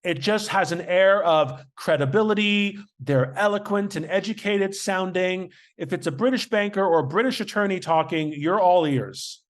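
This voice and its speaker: A man's voice: high voice, moderate pace, hardly any pauses. A man hosting an interview, breaking in with emphatic explanations for the audience. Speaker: host, investigator. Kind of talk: interview commentary.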